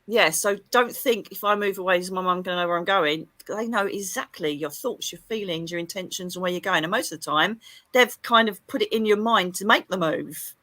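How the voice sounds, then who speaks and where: A middle-aged woman with a bright, forward voice tells stories in an animated, gushing rush. Her sound is dry and close, with no room around it. She chats casually, with frequent exclamations. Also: mid-range voice, brisk, no room sound. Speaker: psychic medium guest. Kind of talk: casual livestream chat.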